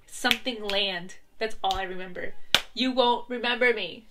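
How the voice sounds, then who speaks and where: A young woman vlogger with a voice on the high side chats casually to camera from her bedroom at home, speaking at normal speed. She rambles and giggles between asides, while music plays in the background and the audio is very noisy.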